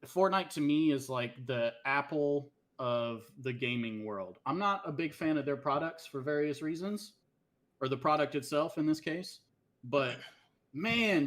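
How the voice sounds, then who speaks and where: A man co-hosting a gaming podcast over an online call who speaks in a measured, lightly teasing way. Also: medium pitch, fairly bright tone. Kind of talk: casual chat.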